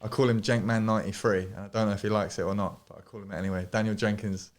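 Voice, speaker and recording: A man's voice: on the low side, fairly even intonation, racing. A man who is a guest DJ, chatting casually and rambling through anecdotes, swearing freely. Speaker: podcast guest DJ. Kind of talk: casual chat.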